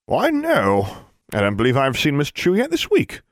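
A jovial old wizard in a talking portrait, as a man puts him on, greets in a genial, courtly way. His voice sits a little higher than a plain read. Told as a storybook. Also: huge pitch swings, normal speed, dry recording, clean studio sound.

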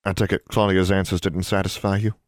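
A man reading an audiobook, voicing a stern, secretive wizard father who speaks in a calm, measured, formal way. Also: deep voice, no room sound, studio quality, close to an everyday voice.

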